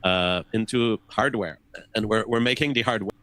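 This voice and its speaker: Earnest low-voiced man explaining. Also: moderate pace, bright, forceful tone, no room sound, rough recording. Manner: earnest, repeats words while thinking. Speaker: interview guest. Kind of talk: explaining ideas in a conversation.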